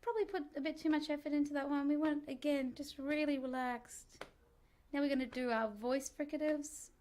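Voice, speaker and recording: A singing teacher leading a relaxed vocal warm-up lesson, chatty and encouraging with self-mocking asides. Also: female voice, sits high, a little fast, slight background noise.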